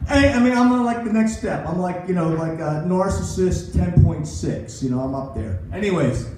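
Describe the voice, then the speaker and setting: A man's voice: sits high, expressive, moderate pace, dark tone, a little hiss or hum. A man in his sixties doing a rambling, self-mocking stand-up set at a comedy club. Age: 60s. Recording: echoey club recorded from far off.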